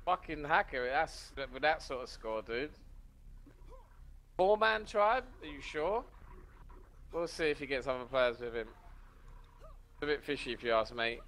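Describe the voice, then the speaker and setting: A man's voice: medium pitch, animated, unhurried, long pauses, a bit bright. Blunt, swearing man calling shots in-game. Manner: blunt, swears a lot, suspicious of cheaters. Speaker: gamer. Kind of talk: casual gaming chat.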